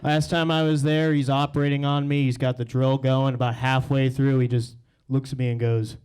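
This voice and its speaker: A young man performing a deadpan stand-up set in front of a live audience, telling crude stories. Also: mid-range voice, moderate pace, smooth. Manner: deadpan storytelling, crude punchlines. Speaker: stand-up comedian. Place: comedy stage with live audience.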